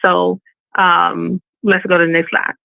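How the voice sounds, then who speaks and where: A woman's voice: on the low side, little pitch movement, unhurried, gravelly, dry recording. A woman giving a casual online presentation as a business owner, chatty and full of fillers, acting out quoted voices. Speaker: webinar presenter and balloon event business owner. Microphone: video call. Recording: phone-like webinar audio, dry.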